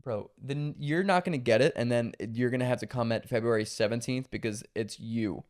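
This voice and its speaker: A man's voice: mid-range voice, fairly quick, dry recording, clean studio sound. A young man co-hosting a podcast in casual chat, teasing and playful. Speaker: podcast co-host.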